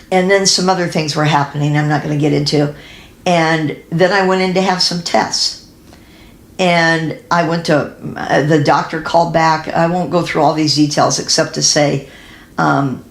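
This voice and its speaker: Earnest, slightly gravelly woman teaching in an echoey room. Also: low-pitched. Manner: earnest, confiding, many ums and restarts. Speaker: Christian women's fitness teacher. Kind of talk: personal faith-based health talk.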